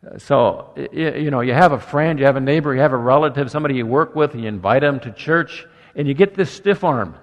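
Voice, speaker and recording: A man's voice: mid-range voice, quick pace, hardly any pauses, dull audio. Older male pastor preaching in a hall. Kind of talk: sermon. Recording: long echo of a church hall.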